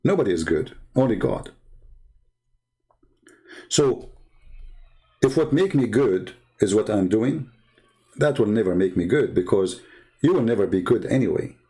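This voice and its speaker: A man's voice: animated, measured pace, pauses often, warm tone. A man speaking as a Christian public speaker in an interview, earnest and emphatic, in non-native English phrasing. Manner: acts out quoted people with big pitch jumps. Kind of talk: interview talk.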